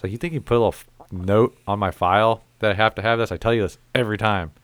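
A young man tells a profane, animated story as a podcast host in casual chat. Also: on the low side, fast talker, no echo.

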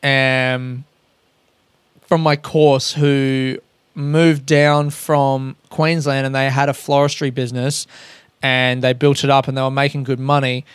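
A man's voice: medium pitch, little pitch movement, slow, clear, resonant tone, dry recording. A young man ranting casually in a podcast monologue, blunt and full of swearing but aware he is being harsh. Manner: profane, blunt, self-aware.

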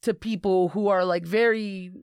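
A woman's voice: medium pitch, normal speed, smooth, no echo, studio quality. A woman in her late twenties telling swear-laden stories in a casual podcast chat. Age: 20s. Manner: animated storyteller, swears freely. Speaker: podcast co-host.

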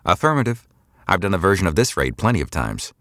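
Male narrator doing a clipped, confident ex-cop woman for an audiobook, deep-voiced but lively. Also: quick pace, no echo, clean studio sound. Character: brisk female ex-law officer mercenary.

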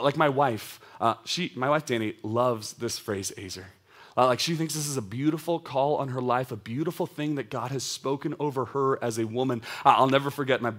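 A man in his thirties preaching a sermon to young adults, conversational and animated, with casual asides. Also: mid-range voice.

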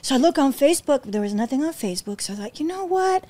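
High-pitched woman guest, expressive storyteller who acts out every quote. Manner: acts out quotes with big pitch jumps, emotional, fast restarts. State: near tears. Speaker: podcast guest, rescue founder. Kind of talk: animated storytelling in conversation.

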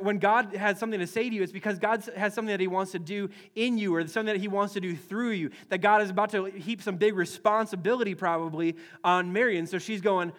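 A man preaching a sermon as pastor, animated, acting out scenes with voices and often restarting and repeating words. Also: high-pitched.

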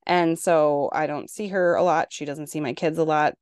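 A woman from Minnesota in her forties, hosting a casual podcast monologue and telling parenting stories in an exasperated, animated way. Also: low voice, normal speed, clean tone, no echo, clean studio sound. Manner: exasperated, animated storytelling with acted-out quotes. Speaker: podcast host.

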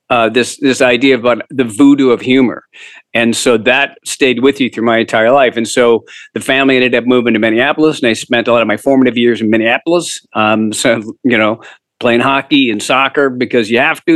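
A middle-aged man from Canada, a humor writer telling stories as a guest in a casual interview, self-deprecating and quick to laugh. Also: medium pitch, no room sound.

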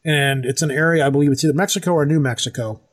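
Brief: male podcast host, casual rambling chat, slightly high voice. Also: quick pace. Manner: rambling, self-correcting, teasing.

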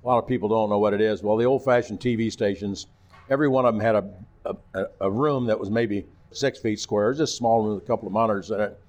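Older man telling animated broadcast stories. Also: fairly low pitch, fast. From Missouri. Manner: animated anecdotes, acting out voices. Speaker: retired TV announcer. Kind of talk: storytelling in a casual interview.

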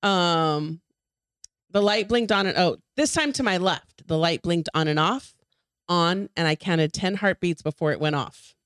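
A woman's voice: fairly low pitch, unhurried, clean tone, dry recording, clean studio sound. A woman co-hosting a podcast, reading a ghost story aloud with dramatic flair and the odd small stumble. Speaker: podcast co-host.

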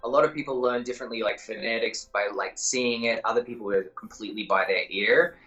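Australian man, actor, interview guest, bright voice, rambling, filler-heavy talk. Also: fairly low pitch, a little fast, lo-fi sound, soft background music. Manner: rambling, self-correcting, lots of fillers. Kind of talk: casual interview chat.

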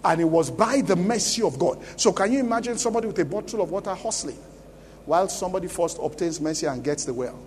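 A man's voice: sits high, animated, fast, big-room sound, slight background noise. A Nigerian man preaching a sermon as pastor at a church conference, emphatic and often asking the congregation questions. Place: large church conference hall.

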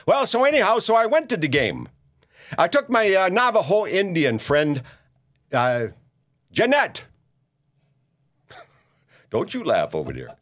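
A man's voice: sits high, huge pitch swings, unhurried, long pauses, fairly bright tone, exaggerated voice. An actor playing a rambling, boastful older male ex-radio talk show host with a Minnesota accent, in a comedic monologue. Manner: rambling, boastful, folksy, lots of "you see" and "uh".

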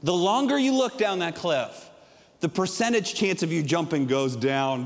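A middle-aged male pastor preaching a sermon, telling stories with energy and swinging from loud to hushed. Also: on the high side, expressive, moderate pace, in a large hall.

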